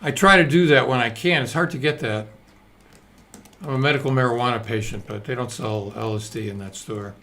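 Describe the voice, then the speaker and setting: Hosting a live stream, a seventy-something man rambles on in a wandering, self-deprecating way, cursing now and then. His medium-pitched voice sounds pushed and bright, a little fast, with slight background noise.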